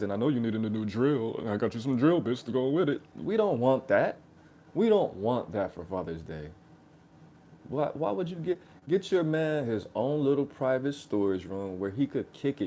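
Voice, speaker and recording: A man with a warm, dark voice holds forth in reaction-video commentary. He rants in loose street slang, sarcastic and mocking, throwing "bro" into almost every sentence. His pitch sits in the middle of the male range. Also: a little hiss or hum. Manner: slangy, ranting, keeps saying "bro". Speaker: reaction channel host.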